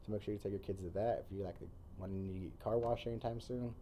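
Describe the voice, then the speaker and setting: A man's voice: fairly low pitch, steady tone, fast, mellow, slight background noise. A man talking earnestly as a podcast guest in casual conversation, repeating phrases for emphasis.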